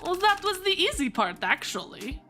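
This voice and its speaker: A woman voicing a scheming, menacing male oligarch in a game, with a shaky put-on Russian accent that slides toward French, delivered slowly. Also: very high-pitched, very animated, sharp tone, faint music behind, voice pushed up, exaggerated voice. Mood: smug. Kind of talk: voice acting a visual novel on stream.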